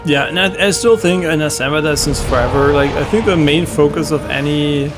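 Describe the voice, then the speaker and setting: With music playing behind him, a young gaming streamer chats casually over gameplay in a fairly high, fairly quick voice. He rambles loosely, uses lots of fillers and laughs easily.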